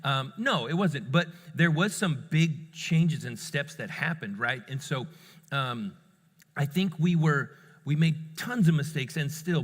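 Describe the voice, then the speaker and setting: A man giving a casual, conversational sermon at a church conference, telling stories with jokes and self-corrections. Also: mid-range voice. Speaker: conference speaker. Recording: long hall reverb.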